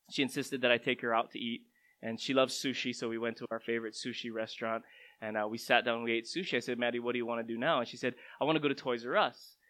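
A man's voice: medium pitch, a bit bright, low-quality recording. A man preaching a sermon in a conversational, storytelling way, his voice rising and dropping for emphasis. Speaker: pastor.

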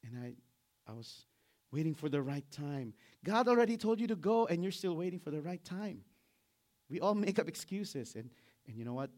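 A middle-aged man preaching a sermon in an animated way, acting out biblical characters and laughing as he goes. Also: fairly high pitch, moderate pace. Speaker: pastor.

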